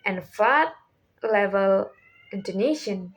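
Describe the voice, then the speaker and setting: A young woman student giving a class presentation, speaking in deliberate, halting phrases. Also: mid-range voice, lively intonation. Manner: deliberate, halting non-native English phrasing.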